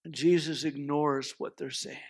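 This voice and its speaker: A man preaching a sermon, telling a story with dramatic swings between loud passages and hushed ones, acting out the voices. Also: on the high side, steady tone, moderate pace. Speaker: pastor.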